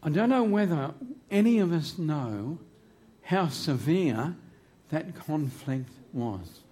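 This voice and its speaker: Male preacher on a mic in church, slow drawn out delivery, lots of pitch swing, jokey. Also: very animated, dark tone. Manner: emphatic, humorous, drawn-out phrasing. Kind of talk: sermon. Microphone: handheld microphone.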